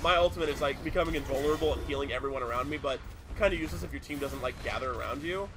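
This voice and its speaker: A man's voice: medium pitch, rapid-fire, noisy background. A man chatting casually while playing a video game, reacting to the match and swearing when it goes badly. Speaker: gameplay commentator. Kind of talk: casual gameplay chat.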